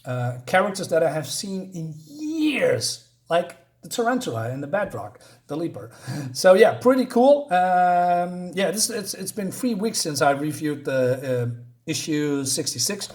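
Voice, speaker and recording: A man's voice: sits high, sing-song, unhurried, darkish tone. A man casually reviewing a comic book, chatty and chuckling at his own jokes, with lots of fillers.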